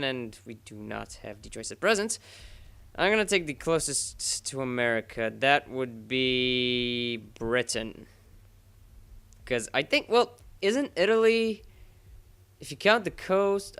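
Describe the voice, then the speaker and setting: A man's voice: mid-range voice, pushed and bright, clear, resonant tone. A man giving let's-play commentary over a racing game, rambling and joking at his own expense. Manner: rambling, self-mocking, jokey.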